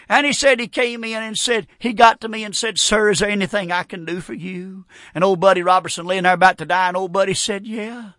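A man preaching a fervent, folksy revival sermon, breaking into shouts. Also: sits high, dry recording, studio quality. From North Carolina. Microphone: broadcast on radio.

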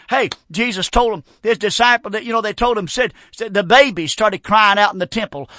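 A man preaching a fervent, folksy revival sermon, breaking into shouts. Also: very high voice, moderate pace, no echo, clean studio sound. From North Carolina. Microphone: broadcast on radio.

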